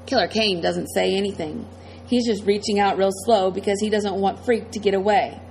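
Casting: woman audiobook narrator, mid pitch, dramatic first-person delivery. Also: moderate pace, darkish tone, slight background noise, low-quality recording. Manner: tense, dramatic storytelling.

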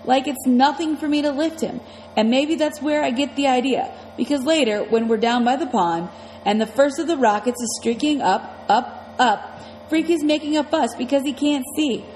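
A woman's voice: high voice, normal speed, a little mellow, long reverb tail, slight background noise, low-quality recording. A woman reading a novel aloud in the first person, in a casual, slangy storytelling manner. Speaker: audiobook narrator.

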